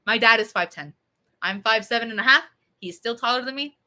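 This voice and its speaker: Young woman rambling on a live stream, bright, sharp voice, kinda high, cusses a lot. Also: brisk. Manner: rambling, animated, swears a lot. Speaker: livestreamer. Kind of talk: casual livestream chat.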